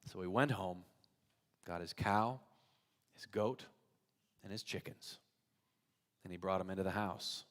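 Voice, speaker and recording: A man preaching a sermon as pastor, telling a story in an animated way. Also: sits low, measured pace, long pauses. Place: church sanctuary. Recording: church hall reverb.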